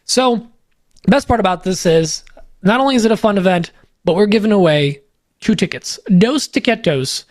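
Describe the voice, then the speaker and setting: A man's voice: high voice, normal speed, pauses often, darkish tone, no echo, clean studio sound. A man co-hosting a podcast, reading sponsor spots in an upbeat, joking way, loose with fillers; a native Polish speaker. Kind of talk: casual ad read on a podcast.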